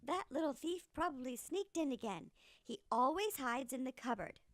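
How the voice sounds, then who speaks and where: A woman's voice: sits high, animated, moderate pace, fairly bright tone, no room sound, studio quality. A woman voicing a giant's no-nonsense wife in a read-aloud storybook, brushing off her husband. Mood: dismissive. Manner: dismissive, matter-of-fact. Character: brusque practical giant's wife, unimpressed.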